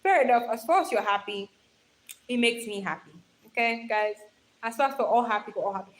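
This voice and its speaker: Young woman, slightly high voice, casual livestream host, affectionate and chatty, talks into a handheld phone. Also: expressive, fairly quick, poor audio. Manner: chatty, affectionate, calls viewers darling, laughs often. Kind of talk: casual livestream chat reading comments. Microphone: phone held in hand.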